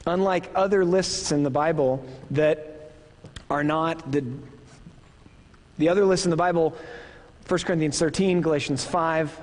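Midwestern guy giving a sermon, earnest and chatty, bit of a high voice. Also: darkish tone. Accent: Midwestern American. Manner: earnest, conversational preaching with rhetorical questions. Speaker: pastor. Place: church hall. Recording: long reverb of a church hall.

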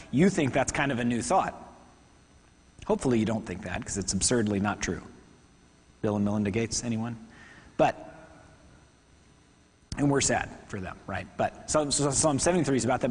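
A man preaching a sermon to a congregation, talking fast and conversationally with asides. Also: mid-range voice, breathy edge, big-room sound. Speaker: pastor. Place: church hall.

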